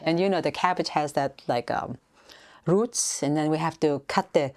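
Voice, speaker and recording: A middle-aged woman talks in a low, chatty voice while cooking in her home kitchen. Her English is halting, with phrasing, and she laughs easily between thoughts. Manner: chatty, laughs often, halting non-native grammar. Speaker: cooking channel host. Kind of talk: casual cooking chat.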